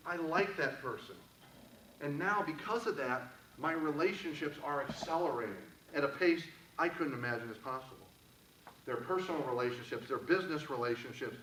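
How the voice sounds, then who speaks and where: A man's voice: a little high, fairly bright tone, slight background noise. Male motivational speaker, earnest storyteller, recorded from a distance in an echoey room. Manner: earnest, storytelling, guides the audience through a breathing exercise. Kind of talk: inspirational talk to a live audience. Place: event room.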